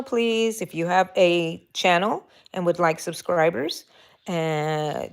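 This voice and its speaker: A woman with a Texan accent hosting a casual crochet livestream, chatting with viewers and talking to herself as she works. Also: fairly low pitch. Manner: chatty, talks to herself and viewers while working. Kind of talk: casual crochet tutorial chat.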